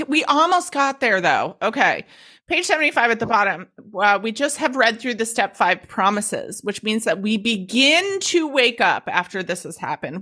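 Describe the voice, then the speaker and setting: Bright-voiced, blunt woman co-host. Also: medium pitch. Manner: blunt, profane, animated storytelling. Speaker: podcast co-host. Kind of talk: casual recovery talk.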